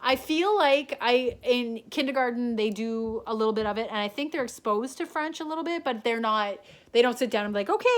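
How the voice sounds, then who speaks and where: A woman from Canada chatting casually to a pen pal on video, rambling with lots of ums and restarts. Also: mid-range voice.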